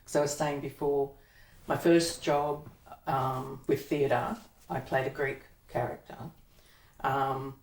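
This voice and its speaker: In an echoey room with a distant mic and faint noise, an actress appears as a guest in a casual interview. Her voice is a rumbling low with a darkish tone, and she rambles, laughing often.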